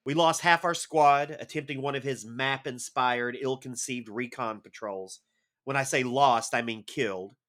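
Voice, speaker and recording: A man's voice: mid-range voice, unhurried, fairly bright tone, close to an everyday voice. A man voicing a young army sergeant, reading a film voiceover in a dry, sardonic way. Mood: weary, sardonic. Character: young male army sergeant narrator, weary and bitter. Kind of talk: impression read aloud on a podcast.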